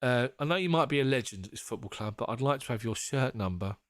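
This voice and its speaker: A man's voice: mid-range voice, lively intonation, quick pace, a bit bright, dry recording, clean studio sound, lightly acted. A man voicing an overly polite new male footballer who timidly asks a team legend for a favour. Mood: sheepish.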